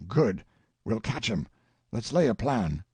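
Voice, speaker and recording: A man's voice: lowish voice, big pitch swings, slow pace, a little mellow, husky, no echo, full character voice. A man playing a grandiose old scheming colonel. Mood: plotting. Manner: flowery, pleading, theatrical.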